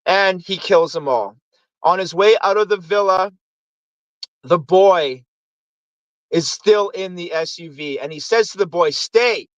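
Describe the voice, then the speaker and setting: A man's voice: high-pitched, a little slow, long pauses, no room sound, lo-fi sound. A man hosting a casual movie review show, rambling through plots and acting out lines from the films. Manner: rambling, acts out movie quotes. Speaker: host.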